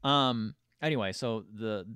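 A man co-hosting a podcast, casually retelling a film's scenes and acting out the characters' lines in quick voices. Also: lowish voice, sharp tone, smooth, dry recording. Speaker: podcast co-host. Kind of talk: casual movie recap chat.

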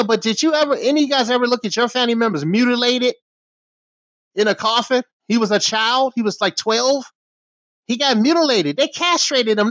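A man's voice: extremely high pitch, a bit bright, no echo. An American man delivering an angry, profane vlog rant in heated bursts. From United States. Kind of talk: ranting vlog monologue. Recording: dull lo-fi dry recording.

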